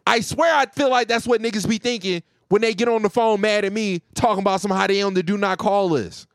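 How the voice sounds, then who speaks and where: A man telling a profane, joking story about his telemarketing job, animated and casual. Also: high-pitched, brisk, smooth, dry recording, studio quality.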